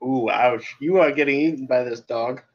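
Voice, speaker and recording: Heard through internet voice chat with the highs cut off, a player speaks in a mid-range voice at a moderate pace. He's in an online tabletop game, chatting easily, reasoning through the rules aloud, and laughing frequently.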